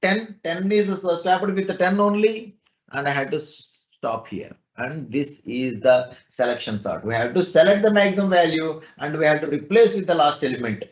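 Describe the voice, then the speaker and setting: A man's voice: on the high side, lively intonation, normal speed. Man teaching over a dull online call. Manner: explains step by step, asks rhetorical questions. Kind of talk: online class lecture.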